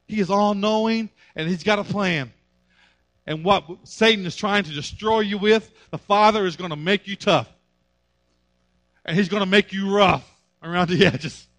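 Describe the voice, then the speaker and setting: A man's voice: sits high, measured pace, pauses often, fairly bright tone, no echo. A male pastor preaching a sermon in an emphatic, repetitive style.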